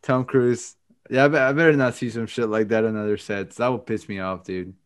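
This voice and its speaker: A man's voice: on the low side, fairly even intonation, brisk. Loose, profane podcast host, man. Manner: loose, profane, laughing often. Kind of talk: casual chat.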